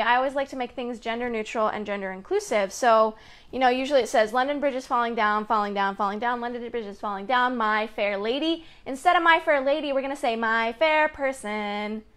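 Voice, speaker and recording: A woman's voice: sits high, fairly bright tone. A young adult woman hosting a children's story time, reading picture books aloud in an upbeat, chatty way and asking the kids lots of questions.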